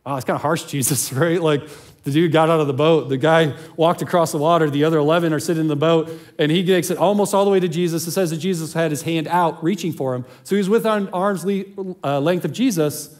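A pastor preaching to his congregation, a man whose voice sits a little higher than most. He retells the story in a relaxed, conversational way, dropping in asides and small chuckles. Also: fairly quick. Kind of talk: sermon.

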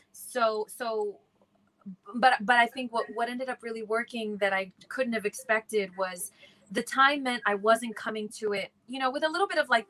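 A woman's voice: a little high, rough recording. A woman in her thirties, an actor, talking earnestly during a live virtual panel and often searching for words. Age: 30s. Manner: warm, earnest, searching for words with many likes. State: emotional, near tears. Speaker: actor in the play.

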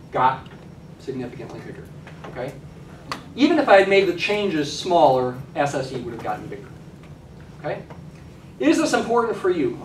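A man's voice: a little high, darkish tone, a little hiss or hum. A male college statistics lecturer giving a classroom lecture, conversational and checking in with "okay?" often. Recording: echoey classroom from a distance.

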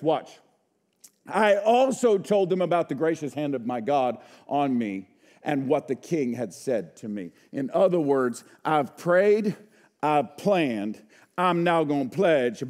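A man preaching a sermon as pastor, calling out to the congregation and using folksy phrases and rhetorical questions, swinging from hushed asides to loud emphatic shouts. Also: fairly high pitch, expressive, takes it slowly. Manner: preaching with call-and-response to the congregation.

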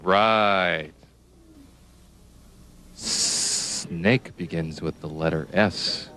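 A man's voice: deep voice, very slow, pushed and bright. A man teaching young children animal names, spelling words out letter by letter and asking the listener questions.

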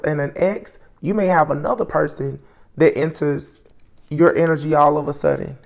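A woman giving a solo tarot reading, musing aloud as she names each card, with soft exclamations along the way. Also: deep voice. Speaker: tarot reader.

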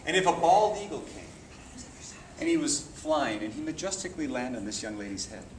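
A man, a martial arts instructor, giving an energetic call-and-response talk to children at a school assembly, coaxing them to repeat phrases. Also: mid-range voice, brisk. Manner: energetic, coaxing, asks questions and has the kids repeat phrases. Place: large echoey room such as a school gym. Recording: echoey hall from far off with kids' noise. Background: children's voices and room noise.

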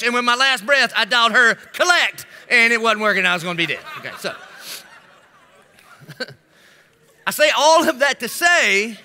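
A man's voice: extremely high pitch, expressive, normal speed, bright, forceful tone, smooth. A middle-aged male pastor preaching a sermon, telling funny stories and making asides to the congregation in a large church sanctuary. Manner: storytelling, humorous asides to the congregation. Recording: long hall reverb.

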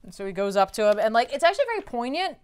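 Animated woman recapping a comic. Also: fairly high pitch, rapid-fire, clean tone. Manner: animated storyteller, filler "like". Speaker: podcast co-host. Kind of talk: casual chat recapping a comic.

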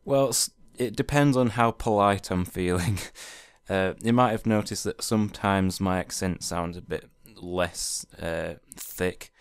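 Low, smooth-voiced Yorkshire man. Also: a little slow, no room sound, clean studio sound. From Yorkshire, England. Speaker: vlogger. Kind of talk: casual accent-tag video.

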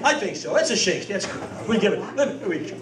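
A man's voice: sits high, big pitch swings, fast talker, a loud crowd. An older man doing a wisecracking comedy routine on a senior center stage, teasing his partner. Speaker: comedy sketch performer. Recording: echoey hall from far off, audience.

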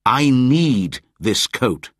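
A man voicing a bold young boy raised by wolves in a storybook reading, calling out in a high, excited voice. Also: slow pace, husky, dry recording, clean studio sound, full character voice. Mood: firm.

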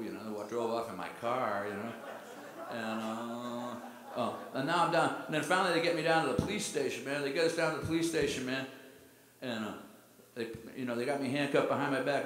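A man's voice: mid-range voice, fairly quick, fairly bright tone. A man, a singer-songwriter, telling rambling stories on stage between songs at a live concert, with a loose, easygoing manner. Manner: laid-back rambling storyteller, says "man" a lot. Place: live music venue, heard from a hall. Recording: roomy live hall with long reverb.

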